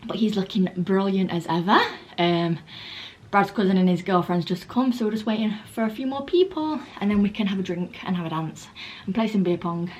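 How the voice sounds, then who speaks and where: A woman's voice: medium pitch, a little fast. Vlogger, young woman, rambling casual chat, handheld phone, faint background hiss. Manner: chatty, rambling, laughs often, lots of "um". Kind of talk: casual chatty vlog.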